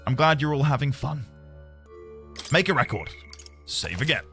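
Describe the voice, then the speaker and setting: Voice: medium pitch, lively intonation, normal speed, long pauses, bright, forceful tone. A streamer playing a story game live, chatting to viewers and bursting into laughter and wails. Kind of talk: casual live-stream commentary. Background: game music.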